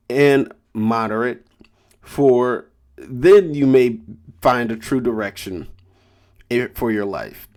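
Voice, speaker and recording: A man's voice: mid-range voice, darkish tone. A man giving a casual tarot reading, joking around and stumbling as he reads passages aloud. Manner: rambling, joking, stumbles over read-aloud text. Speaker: tarot reader.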